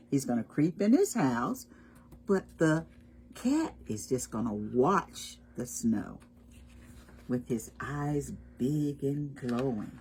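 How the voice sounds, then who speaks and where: Husky, animated storytime reader woman. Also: extremely low pitch. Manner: animated, asks children questions. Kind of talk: children's read-aloud.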